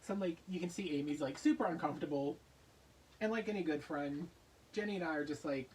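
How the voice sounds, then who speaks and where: A man hosting a craft vlog, telling a story in a casual, animated way and acting out voices in his anecdotes. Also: on the high side, fast, distant mic, a little hiss or hum, rough recording. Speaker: craft channel host.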